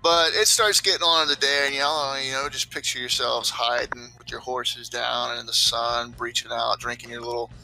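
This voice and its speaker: Brief: laid-back male game master, loose rambling narration, bright voice, on a voice call. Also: medium pitch, steady tone, moderate pace, vocal fry, few pauses, soft background music, rough recording. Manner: rambling, loose, many fillers. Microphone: online voice call.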